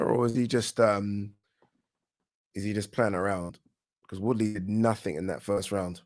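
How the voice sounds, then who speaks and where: A man with a British accent giving casual live commentary on a boxing match for his channel, chatty and quick to react, often restarting his words. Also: fairly low pitch, fairly even intonation, darkish tone. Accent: British English. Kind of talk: live watch-along fight commentary.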